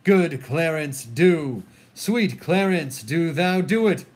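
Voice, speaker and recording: Man reads furious mourning queen, slow declaimed verse, highish. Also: animated. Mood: bitter. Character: grieving furious queen, a woman. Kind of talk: solo dramatic reading of a play.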